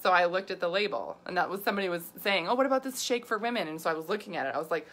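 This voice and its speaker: A woman's voice: on the low side, animated, rapid-fire, few pauses, a bit bright. A woman nutrition coach talking casually and animatedly, exasperated, with frequent laughs and asides. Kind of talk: casual talk to camera.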